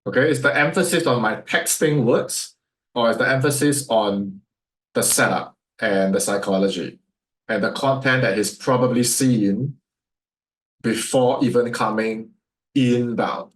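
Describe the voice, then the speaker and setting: Questioning Singaporean sales coach, echoey room. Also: male voice, medium pitch. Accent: Singaporean English. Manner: rhetorical, fires off questions at listeners. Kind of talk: teaching sales to viewers.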